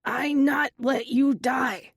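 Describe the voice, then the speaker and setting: A woman voicing an old male lizard servant who speaks in broken, halting English, anguished and loyal, in an audiobook. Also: mid-range voice, slightly rough, dry recording, studio quality.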